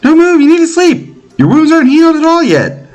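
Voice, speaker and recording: A cheerful, caring young girl, as a man puts her on, high and eager. Her voice leaps up and down with lively pitch. It sounds like a storybook game character read aloud. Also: a little fast, soft background music. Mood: anxious.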